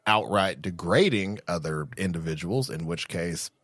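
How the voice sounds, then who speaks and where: A man's voice: deep voice, animated, moderate pace, fairly bright tone, no room sound. A man co-hosting a podcast, talking bluntly and casually, with some swearing. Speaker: podcast co-host. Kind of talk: casual chat.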